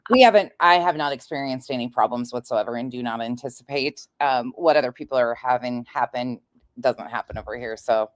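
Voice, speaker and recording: A woman's voice: a bass voice, fairly quick. A woman co-hosting a livestream, talking bluntly and sarcastically to the chat. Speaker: livestream co-host. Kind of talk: casual livestream commentary.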